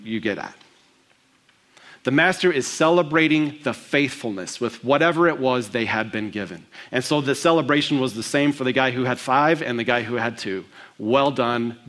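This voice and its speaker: A male pastor preaching to his congregation. His delivery is expressive, and he slows down to stress the key lines. He voices the quoted speakers in the story he retells. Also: mid-range voice. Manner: expressive preaching, acting out quotes with slowed emphasis. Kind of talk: sermon.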